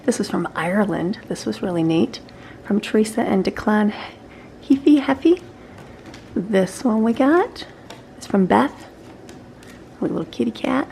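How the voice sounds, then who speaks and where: A woman's voice: medium pitch, a little slow, vocal fry, pauses often, dark tone, a little hiss or hum. A woman, a homeschooling mom, chatting casually and cheerfully in a vlog from her home kitchen. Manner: upbeat, chatty, gushing.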